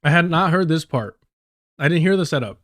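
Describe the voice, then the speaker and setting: A man from the United States streams live, reacting to clips with profane, sarcastic commentary and mocking the voices of people in them. His voice is fairly high and a bit bright, animated and a little fast.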